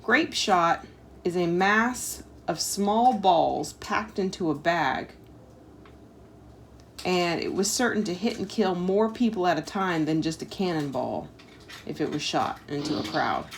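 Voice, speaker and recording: A woman's voice: on the low side, measured pace, a little hiss or hum. A woman, reading a history book aloud at home and chatting about it with her child, with casual asides and lots of "like" and "um". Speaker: homeschool parent reading a history lesson.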